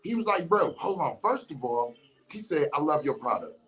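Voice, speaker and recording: With big pitch swings and a fairly bright, slightly high voice, a man tells a story about an encounter at a moderate pace. His speech is slangy and profane, and he mimics the voices of the people he describes.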